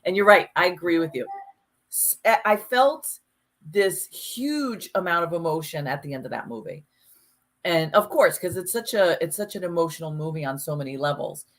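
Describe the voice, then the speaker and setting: A podcast co-host with a fairly low voice talks at normal speed in a loose, casual chat. Animated and emphatic, she swears freely while working through her thoughts.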